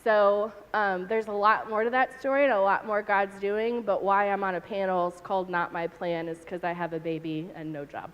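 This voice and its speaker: A woman on a panel sharing a personal testimony with candid, animated telling, acting out her own past outbursts. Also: mid-range voice, normal speed, hardly any pauses, highs cut off, background noise. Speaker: panel speaker. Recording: reverberant hall.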